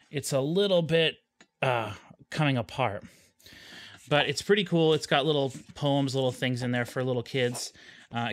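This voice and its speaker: A man chatting casually to his camera at home, rambling a little and pausing with "uh"s as he goes. His voice sits at an ordinary middle pitch. The sound is dry, with almost no room echo. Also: fairly bright tone. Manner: rambling, with hesitations. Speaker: YouTube host. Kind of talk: casual vlog chat.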